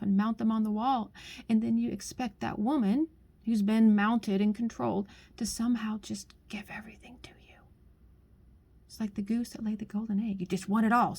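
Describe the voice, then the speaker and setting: Middle-aged woman, husky and mellow, earnest pleading monologue, drifts into half-whispers. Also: fairly high pitch. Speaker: speaker sharing a personal message. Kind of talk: heartfelt spoken monologue.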